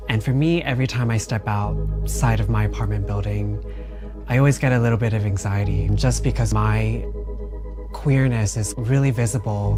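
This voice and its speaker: A man speaking earnestly and self-reflectively in a documentary-style interview. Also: on the low side. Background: background music.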